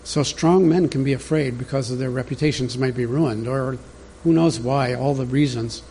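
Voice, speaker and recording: Mellow-voiced male pastor preaching. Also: medium pitch, moderate pace, slight background noise. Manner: conversational, teaching from an outline, talks directly to the congregation. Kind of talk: sermon.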